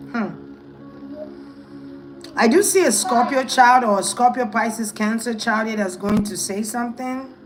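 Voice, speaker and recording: A woman's voice: a little high, measured pace, pauses often, rough recording. Musing woman tarot reader over music. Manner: hesitant, musing, thinks aloud. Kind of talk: casual tarot reading monologue.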